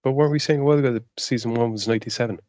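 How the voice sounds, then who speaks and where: A man's voice: mid-range voice, rapid-fire, darkish tone, no echo. Interjecting man, dry podcast sound. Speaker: podcast co-host. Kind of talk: casual group chat.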